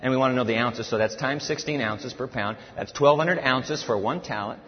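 A man preaching a sermon to a congregation, animated, acting out a pleading servant in a whiny high voice. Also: brisk. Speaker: pastor. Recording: dull, lo-fi audio with long hall reverb.

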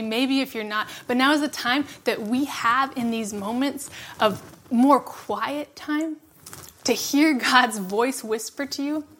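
A woman giving a reflective devotional sermon, laughing softly between phrases and dropping to a hush for emphasis. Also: fairly high pitch. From California. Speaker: preacher.

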